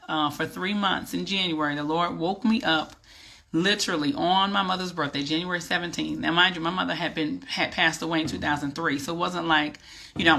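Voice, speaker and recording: In a casual vlog, a middle-aged New York woman who works as a business coach tells her own story to the camera. Her voice is fairly low but bright and ringing, and she talks in a lively, animated way, as if chatting with friends.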